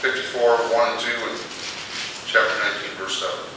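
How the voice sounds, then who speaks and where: A man teaching a midweek Bible class. He explains slowly, pausing between phrases, and asks the class questions. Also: lowish voice, fairly even intonation. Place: church classroom. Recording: echoey room, distant mic, background noise.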